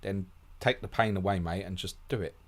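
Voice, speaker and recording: A man hosting a fast live Q&A, blunt and casual, calling listeners mate, with a sore throat and short of sleep. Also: deep voice, darkish tone. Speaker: host answering viewer questions.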